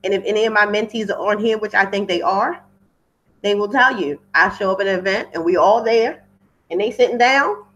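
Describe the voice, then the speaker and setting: A woman's voice: medium pitch, a little fast, a bit bright, rough recording. A woman hosting a webinar for wedding pros, chatty and off script, repeating words for emphasis over a computer mic. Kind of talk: casual talk from a webinar.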